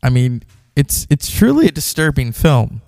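A man's voice: mid-range voice, very animated, moderate pace, creaky, a little mellow, no room sound, studio quality. A man hosting a film podcast, talking casually and repeating himself as he goes. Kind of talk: podcast commentary.

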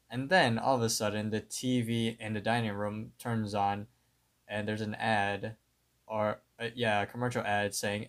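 A man's voice: lowish voice, level tone. A man co-hosting a podcast, retelling a cartoon episode in a plain, step-by-step way. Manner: unhurried, plain play-by-play retelling. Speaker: podcast co-host. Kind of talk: casual episode recap.

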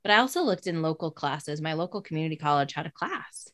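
A woman with a somewhat low voice hosts a casual interview, chatty and expressive, often laughing as she tells her stories. Her voice is recorded close and dry. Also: fast talker, no room sound. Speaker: podcast host.

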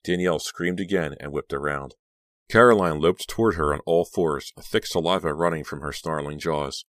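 A man narrating a horror audiobook in a steady, measured reading. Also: very deep voice, no echo, clean studio sound. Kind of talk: scripted narration.

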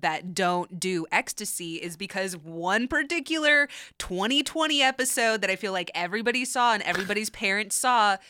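A woman's voice: mid-range voice, moderate pace, hardly any pauses, pushed and bright, smooth, dry recording, studio quality. A young adult woman co-hosting a podcast, teasing and laughing a lot. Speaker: podcast co-host. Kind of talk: casual chat.

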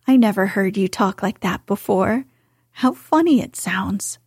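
A frail young boy, eager and wondering, as a woman whispers him in a storybook reading. The voice is husky, soft and unhurried. It is dry and close to the mic. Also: medium pitch, expressive, no echo.

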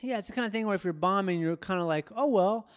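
A man's voice: sits high, very fast, a bit bright, clear, resonant tone. A man comedian chatting casually on a podcast, rambling and loose as he recalls things. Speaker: stand-up comedian.

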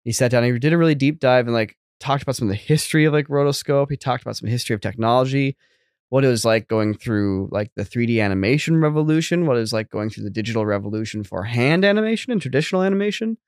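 A man's voice: mid-range voice, expressive, fast, a little mellow, no echo, studio quality. A man in his thirties co-hosting a casual podcast chat, rambling with lots of fillers and restarts. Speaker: podcast co-host.

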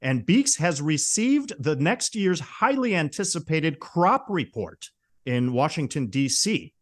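A man hosting a podcast, casually recapping a comedy film plot in an amused, chatty way. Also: mid-range voice. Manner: chatty, amused retelling with brief quoted impressions. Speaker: podcast host.

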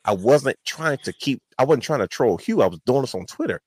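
A man's voice: mid-range voice, lively intonation, brisk, a little mellow, husky, dry recording. A man hosting a wrestling podcast, telling a long rambling story in casual chat. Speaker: podcast host.

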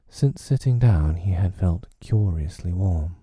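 A man narrating a storybook in a measured, deliberate reading. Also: low voice, animated, dark tone, breathy edge, no room sound, clean studio sound.

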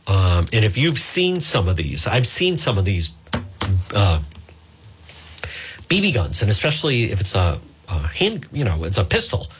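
Hiccuping husky male radio host. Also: mid-range voice, fairly bright tone. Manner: chatty, apologetic, self-mocking. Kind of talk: live talk radio, casual.

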